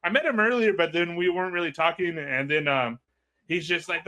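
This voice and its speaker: A man's voice: on the high side, fairly quick, pushed and bright, clear, resonant tone. A man telling a rambling story in casual chat, full of fillers and acted-out quotes. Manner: rambling, many fillers, acts out quoted people. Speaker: podcast host.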